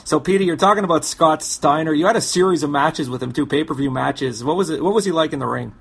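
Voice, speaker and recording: A man's voice: on the high side, fast, vocal fry, a bit bright, slightly rough. A man hosting a radio interview, asking his guest questions in a conversational way. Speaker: radio host.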